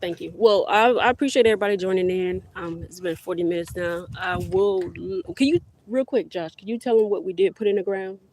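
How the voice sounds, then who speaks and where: A woman's voice: lowish voice, brisk, few pauses, darkish tone, a little hiss or hum. A middle-aged woman hosting a casual livestream outdoors in her garden, rambling chattily to her viewers on a handheld phone. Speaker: livestream host. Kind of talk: casual live-stream chat. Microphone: phone held close.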